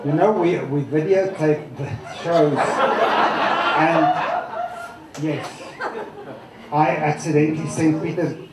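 A man performing as a stage hypnotist, teasing volunteers with loud, animated banter in a live comedy show. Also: fairly high pitch, slow pace, long pauses, very noisy. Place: large theatre stage with audience. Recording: echoey theatre with loud crowd.

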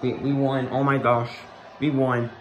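A young man talks slowly, stumbling and repeating himself as a sports fan reacting live. He keeps saying he can't talk, and his words come out in broken bursts. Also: mid-range voice, little pitch movement. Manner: breathless, stammering, repeats "bro" and "oh my gosh".

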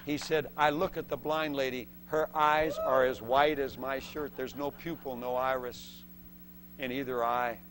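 Male preacher, bright forceful voice, acted-out story voices, faint hum behind. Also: mid-range voice, a little slow. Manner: acts out voices in the story and shouts the excited parts; laughs between points. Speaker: preacher giving testimony. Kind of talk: sermon storytelling.

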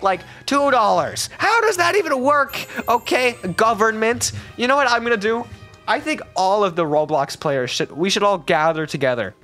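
Young male gaming YouTuber, animated pitch, jokey rambling commentary, faint music underneath. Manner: excitable, rambling and jokey, with sudden squeals.

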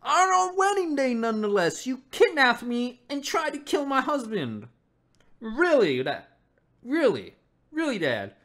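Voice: high voice, sing-song, measured pace, fairly bright tone, voice pushed up, full character voice. A reviewer reading aloud the lines of a young woman angrily confronting her father, in a mostly everyday voice. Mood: indignant. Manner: indignant, rising exasperation.

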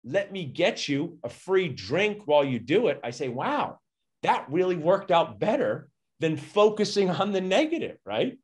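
A middle-aged man, a dentist, telling stories energetically and acting out quotes in a conversational interview. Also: measured pace. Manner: energetic, acts out quotes with big pitch jumps. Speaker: dentist and podcast guest. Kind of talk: animated storytelling conversation.

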